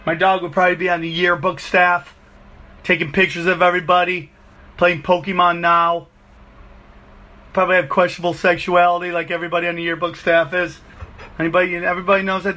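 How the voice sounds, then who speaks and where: A man hosting a show, telling crude, rambling comic stories with lots of swearing. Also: fairly high pitch. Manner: profane, rambling, animated storyteller. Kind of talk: comedic rambling monologue.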